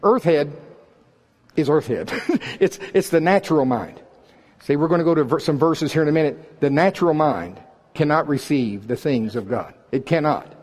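Joking, animated man preaching a sermon. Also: a little high, normal speed. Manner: animated and joking, shifts between loud and soft. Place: church service.

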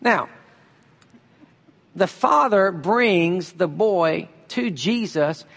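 A man preaching a sermon, reading scripture slowly and pressing his points with emphasis. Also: sits high, animated, creaky, fairly bright tone, long reverb tail. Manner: emphatic preaching, reads scripture slowly, uses a volunteer for a demonstration. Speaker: pastor.

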